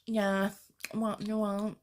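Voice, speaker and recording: A woman's voice: medium pitch, monotone, takes it slowly, a little mellow, slight background noise, lightly acted. A woman imitating a bored, curt young female shop assistant with a Glasgow accent.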